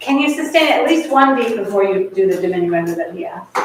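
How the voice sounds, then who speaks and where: Speaking a little fast with a mid-range voice and lively intonation, a woman coaches a chamber ensemble in a masterclass. She offers encouragement and sings phrases on nonsense syllables, recorded by a distant camera mic in a big, very echoey rehearsal room with background noise.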